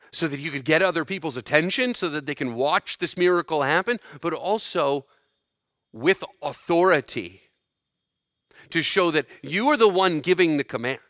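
A man preaching with a bright, forceful voice that sits a little high for a man. His delivery swings from loud, emphatic bursts to hushed, slowed lines. The sound is dry and close, with no room echo. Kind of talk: sermon.

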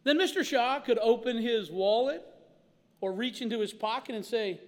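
High-pitched guy pastor giving a sermon, acts out little quotes, echoey church hall. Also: normal speed. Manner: animated storytelling with acted-out quotes. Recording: reverberant hall.

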